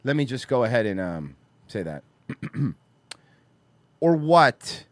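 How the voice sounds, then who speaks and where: Brief: male podcast host from Florida, lively pitch, dry close sound, foul-mouthed storyteller. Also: slow pace, no echo. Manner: profane, animated storyteller who acts out quotes. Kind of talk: casual podcast chat.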